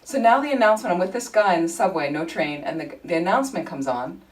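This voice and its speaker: A woman leading a Buddhist study group, telling anecdotes in an informal, animated way. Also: fairly low pitch, fast talker, far from the mic, rough recording. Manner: chatty, animated storytelling with frequent laughter. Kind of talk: informal teaching talk with anecdotes. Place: group meeting room.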